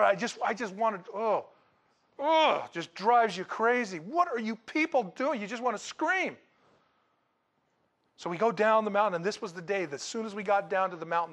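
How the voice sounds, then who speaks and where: A male preacher tells a story from the pulpit with lots of drama. His voice sits a little high and swings from loud, excited bursts to quiet, hushed lines. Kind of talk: sermon with personal story.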